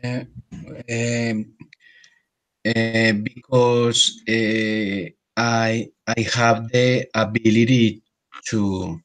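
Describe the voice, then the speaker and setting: A male student answering in a language class, hesitant and halting, with many fillers. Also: lowish voice, level tone, low-quality recording.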